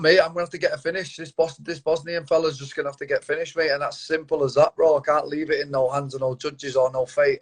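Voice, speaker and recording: A Mancunian man in his thirties, a fighter talking bluntly and confidently in a casual interview, swearing often and calling the host mate, over a phone or video call. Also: on the high side. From Manchester, England. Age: 30s.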